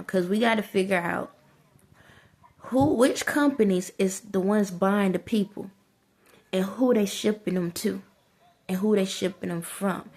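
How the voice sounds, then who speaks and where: A woman vlogger with a medium-pitched, creaky voice delivers casual, rambling commentary, repeating herself and breaking into frequent laughter. She's colloquial and talks straight to her viewers, calling them "y'all."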